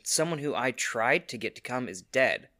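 A man playing his character in a tabletop game, rambling in an unhurried way and laughing at his own lines. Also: mid-range voice, lively intonation, bright, forceful tone. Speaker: player. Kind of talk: tabletop role-play.

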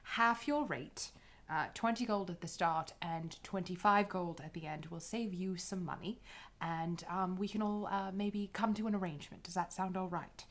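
A woman's voice: lowish voice, moderate pace, lightly acted. A woman voicing a formal, courteous adventurer who bargains with ornate, hesitant politeness. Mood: persuasive. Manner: flowery, overly polite speech with many hesitations.

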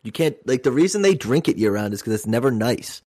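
A young man talking in relaxed, casual podcast banter. His pitch sits in the middle and he swears freely, bouncing between jokes and stories. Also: brisk, dry recording, clean studio sound. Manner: animated, profane banter. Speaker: podcast co-host. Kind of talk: casual chat.

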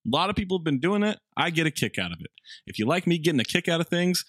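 A male podcast host with a lively, somewhat high voice, reading out cast lists with playful, exaggerated emphasis. The sound is dry and close to the mic, with no room around it. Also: very fast, dry recording. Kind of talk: casual comedy podcast banter.

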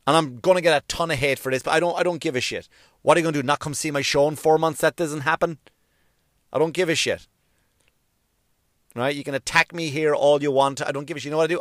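A man's voice: a little high, dry recording, studio quality. A male comedian delivering a profane, emphatic solo rant, hammering his points home through repetition.

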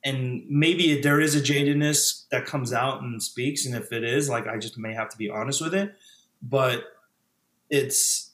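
A man's voice: mid-range voice, unhurried, fairly bright tone, reverberant. A man in his thirties, a former pastor, speaking as a podcast guest in a reflective, casual way with frequent fillers and restarts. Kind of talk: casual conversational interview.

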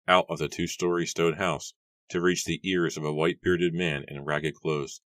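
A man reads an audiobook in a steady, measured voice. His voice sits extremely low, and the recording is close and dry with no room sound. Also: no echo. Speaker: audiobook narrator. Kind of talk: scripted audiobook narration.

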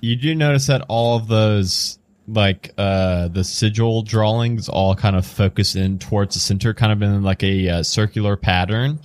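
A man narrating as game master in a tabletop game, describing scenes haltingly with fillers and reading a riddle out slowly and solemnly. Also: lowish voice, no room sound. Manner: reads the riddle in a raised, slow, solemn voice.

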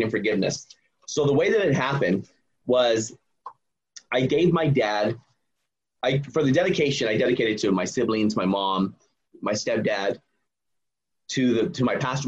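A man's voice: mid-range voice, breathy edge, lo-fi sound. A man in his forties, a memoir author, telling his story earnestly and emphatically as a podcast guest. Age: 40s. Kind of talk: casual podcast conversation.

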